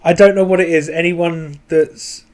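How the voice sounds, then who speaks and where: A man with a somewhat high voice chatting on a podcast. He jokes easily, pokes fun at himself and laughs things off. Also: fairly even intonation, moderate pace, darkish tone. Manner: jokey, self-mocking. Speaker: podcast co-host. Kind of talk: casual chat.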